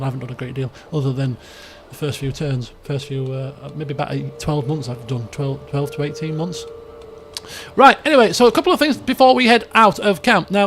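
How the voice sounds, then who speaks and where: A man hosting a game roleplay, reading story passages and chatting offhand in a rambling way, often restarting his sentences. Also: on the high side. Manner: switches between reading story text and offhand chat. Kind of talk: casual let's-play roleplay narration.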